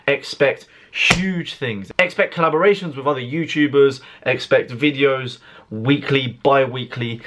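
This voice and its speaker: A young man talking casually to camera as a football fan vlogger, chatty and excitable. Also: medium pitch. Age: young adult. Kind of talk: casual matchday vlog.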